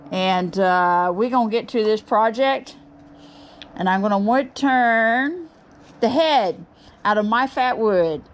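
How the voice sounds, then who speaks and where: Brief: middle-aged woman host, unhurried pace, gushing with excitement, casual chat to camera. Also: medium pitch. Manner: bubbly, gushing, excited exclamations. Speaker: woodturning channel host.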